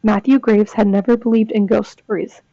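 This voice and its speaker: With a mid-range voice that barely moves in pitch, a young woman reads ghost stories at normal speed, chatting between them and reacting with gasps and comments. It's casual reading with asides, captured in dull, dry lo-fi sound with no room sound.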